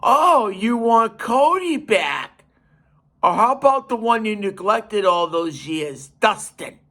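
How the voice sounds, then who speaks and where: Picture a man putting on a cold woman boss, pitched up and loud, barking orders with a taunting edge. Her tone swoops high as she sneers and commands. It is a storyteller's impression in casual chat, not a polished performance. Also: big pitch swings, slow, heavily acted. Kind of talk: retelling with put-on voices.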